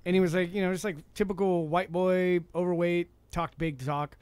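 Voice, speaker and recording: A man, telling rideshare stories fast, laughing and swearing in casual chat. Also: high voice, fairly even intonation, darkish tone, clean tone, dry recording. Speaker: rideshare driver.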